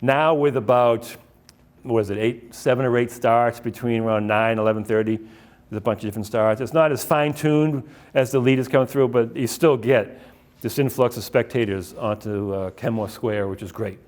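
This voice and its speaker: A middle-aged man tells running stories in a loose, rambling way. He talks at an ordinary pitch, stopping now and then to restart a sentence, and often drops in "uh" and "um" as he goes. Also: fairly even intonation, moderate pace, darkish tone. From Boston area. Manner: rambling, anecdotal, many fillers and restarts. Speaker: author giving a library talk. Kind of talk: casual slideshow talk.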